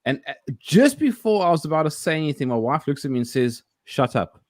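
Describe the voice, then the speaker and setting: A man chatting casually, telling animated stories with many restarts and laughs. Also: a little high, quick pace, no echo. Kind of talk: casual chat.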